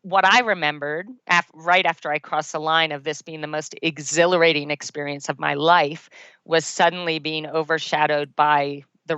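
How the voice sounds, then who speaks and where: A woman's voice: low voice, a bit bright, clear, resonant tone, no echo. A middle-aged woman, a podcast guest, telling an earnest personal story and laughing at herself now and then. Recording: dull, dry lo-fi podcast recording.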